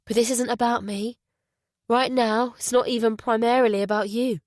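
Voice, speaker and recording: A woman reading a guarded, conflicted male detective in an audiobook, in a plain, measured voice. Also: fairly high pitch, steady tone, a little mellow, dry recording, studio quality, lightly acted. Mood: tense.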